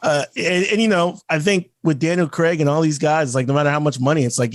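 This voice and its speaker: A man's voice: fairly high pitch, a little fast, hardly any pauses, no room sound, studio quality. A man co-hosting a podcast in casual chat, rambling with restarts and playful acted-out quotes. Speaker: podcast co-host.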